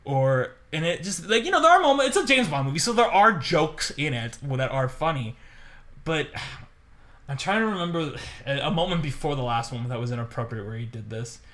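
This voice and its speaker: A man co-hosting a podcast, chatting casually and telling long, animated stories with lots of fillers and laughter. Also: a little high, normal speed. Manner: rambling, animated storytelling with many fillers and laughs. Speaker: podcast co-host. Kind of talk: casual chat.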